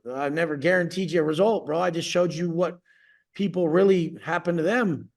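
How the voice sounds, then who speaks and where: High gravelly dude ranting on a coaching call, swears constantly, super blunt. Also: male voice, steady tone, brisk. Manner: profane, blunt, boastful rant. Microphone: video call.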